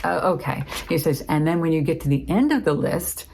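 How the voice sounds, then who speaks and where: A woman's voice: low-pitched, fairly quick, vocal fry, a little hiss or hum, rough recording. A middle-aged woman casually telling a personal story, acting out both sides of remembered conversations. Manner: lively, acts out both sides of remembered dialogue.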